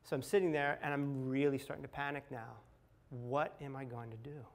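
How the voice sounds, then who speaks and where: A middle-aged man telling a candid personal story, dramatic and confessional, dropping to a hush at tense moments. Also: medium pitch, fairly even intonation, brisk. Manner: candid, dramatic retelling with acted quotes and swings from loud to hushed. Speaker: speaker sharing a personal recovery story.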